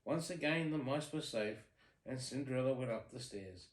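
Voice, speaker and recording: A man's voice: mid-range voice, moderate pace. A man reading a bedtime story aloud to his child, adding playful asides and questions. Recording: echoey room.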